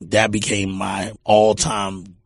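Lower-voiced man telling rambling stories. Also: completely flat delivery, slow, gravelly, dry recording. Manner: rambling, repeats words, warm anecdotal. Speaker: music producer, guest. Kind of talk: casual storytelling interview.

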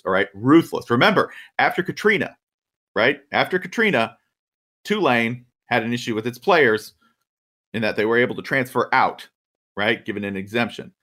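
A man's voice: lowish voice, a bit bright. Emphatic man in casual sports chat. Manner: emphatic, keeps asking "right?". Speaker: podcast co-host.

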